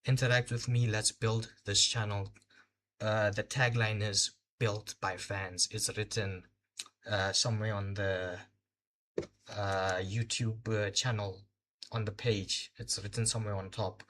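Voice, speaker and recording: A man's voice: on the low side, little pitch movement, a little slow, fairly bright tone, slight background noise. A tired young man from Botswana hosting a casual live race recap, hesitant and full of fillers as he fumbles for words. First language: Indian heritage, speaks Hindi. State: tired, short on sleep. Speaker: host of a live race watch-along.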